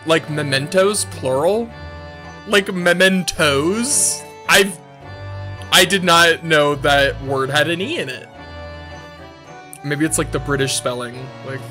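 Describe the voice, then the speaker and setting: A streamer giving casual, excitable commentary over a story game, reacting loudly and swearing for emphasis. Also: mid-range voice. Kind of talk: casual let's-play commentary. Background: game music.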